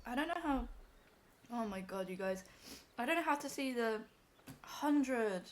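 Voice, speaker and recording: A woman's voice: on the high side, animated, a little slow, noisy background. A young woman on a live stream, emotional and teary as she talks to her chat from home.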